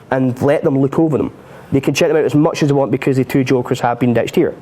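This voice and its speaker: Man, magic tutorial on a live stream, chatty, jokes at his own expense, laughs a lot, ordinary middle pitch. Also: steady tone, fast talker, warm tone. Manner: chatty and self-mocking, laughs often. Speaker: magic instructor.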